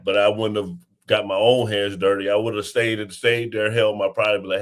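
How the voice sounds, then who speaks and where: A man on a panel giving relaxed, measured opinions in casual talk. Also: fairly low pitch.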